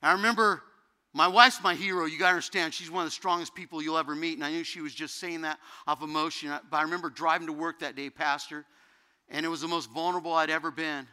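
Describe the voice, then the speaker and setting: High-voiced, bright-toned preacher man. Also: steady tone, quick pace, clean tone. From United States. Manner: emotional storytelling, rising to fervent preaching. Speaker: pastor, guest speaker. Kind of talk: sermon.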